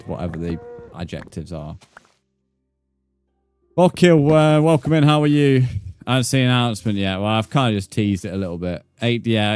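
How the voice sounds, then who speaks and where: A man's voice: sits low, darkish tone, slight background noise. A young British man live-streaming a game, chatting to viewers with blunt, sweary, mock-outraged banter. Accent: British English. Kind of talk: live-stream gameplay chat.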